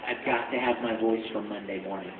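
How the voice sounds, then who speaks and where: A man's voice: on the low side, brisk. A man answering fans' questions at a convention panel, playful and chatty. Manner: animated, playful, chatty with fans. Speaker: voice actor panel guest. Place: large convention panel hall. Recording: echoey hall from far off, tinny, noisy.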